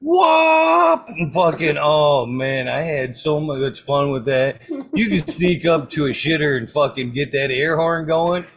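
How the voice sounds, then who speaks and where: A man's voice: on the high side, measured pace, a little hiss or hum. A man in a casual podcast chat, rambling through job-site pranks, swearing and searching for words. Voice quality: gravelly.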